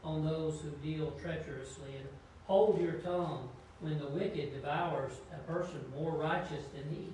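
Class member reading scripture, slightly higher voice, distant and echoey. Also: male voice, unhurried, a little mellow, a little hiss or hum. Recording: echoey room from far off.

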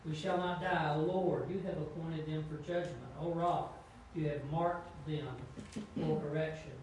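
Class member reading scripture, slightly higher voice, distant and echoey. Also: male voice, fairly even intonation, measured pace, a little mellow, a little hiss or hum. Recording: echoey room from far off.

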